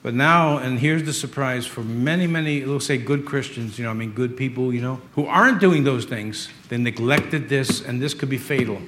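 A middle-aged man preaching a sermon as pastor, swinging between loud emphatic lines and quiet asides. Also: mid-range voice, moderate pace, hardly any pauses, slight background noise.

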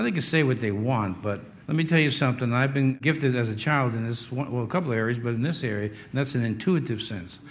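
Man in his sixties preaching with wry humor. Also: a little high. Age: 60s. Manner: conversational, wry humor, swings between loud emphasis and quiet asides. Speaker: pastor. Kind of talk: sermon.

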